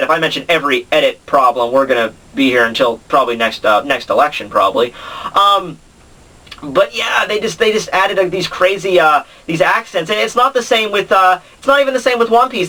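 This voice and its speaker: A man's voice: fairly high pitch, pushed and bright, distant mic, low-quality recording. A man hosting a casual anime commentary, ranting in an exasperated, sarcastic way full of fillers.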